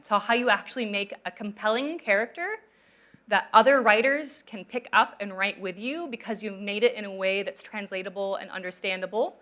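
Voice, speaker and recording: A woman's voice: mid-range voice, fairly bright tone. A woman lecturing on narrative design at a conference, taking audience questions and checking in with listeners often. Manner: conversational, checks in with "right?" often.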